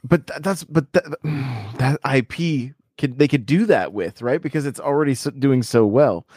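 Dry-voiced man, halting casual chatter. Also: medium pitch, expressive, a little mellow, no room sound. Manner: hesitant, many restarts and self-deprecating laughs. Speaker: podcast co-host. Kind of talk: casual group chat about games.

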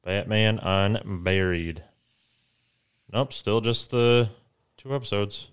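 Brief: young male podcast co-host, smooth clear tone, low pitch, easygoing, reads articles aloud. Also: slow pace. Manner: laid-back, laughs often, reads articles aloud. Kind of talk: casual chat.

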